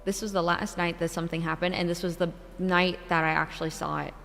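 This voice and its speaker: A young woman streamer telling a true ghost story in a casual, animated way, swearing and laughing between lines. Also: lowish voice, fast, creaky, big-room sound. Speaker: VTuber streamer.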